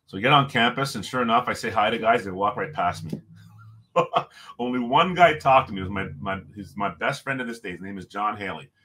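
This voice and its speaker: Man telling a lively story. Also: fairly low pitch, brisk, a little hiss or hum. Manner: lively storyteller who acts out quoted dialogue. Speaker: podcast guest. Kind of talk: storytelling in a casual interview.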